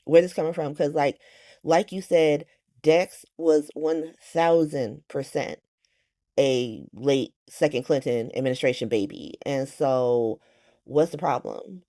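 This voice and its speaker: Woman host, casual recap vlogger: low, warm voice, sassy, slangy, salty, quotes characters with animation. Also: takes it slowly. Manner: sassy, slangy, swears freely. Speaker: soap opera recap host.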